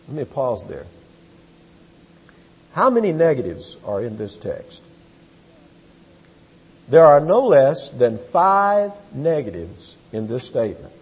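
A man preaching an expository sermon as pastor, emphatic, slowing down to stress key words and building to loud repeated phrases. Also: mid-range voice, sing-song, slightly rough. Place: church sanctuary. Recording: lo-fi church hall recording with long reverb.

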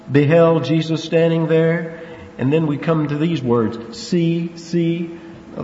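A man's voice: on the high side, darkish tone. A man preaching an expository sermon, earnest and emphatic, stressing words and asking rhetorical questions. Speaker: preacher teaching a Bible passage. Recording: echoey hall, dull lo-fi sound, faint hiss.

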